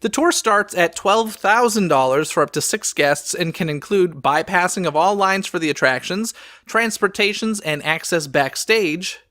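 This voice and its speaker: A man reads a scripted news roundup for his podcast, upbeat and quick with a wry, sarcastic streak. His voice sits high and sounds bright and forward. It is recorded close on a mic in a dry space with no echo.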